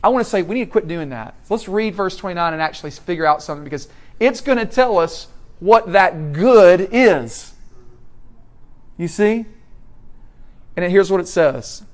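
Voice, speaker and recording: A man preaching a sermon in a conversational way, asking the congregation questions and moving between quiet and loud. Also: sits high, expressive, moderate pace.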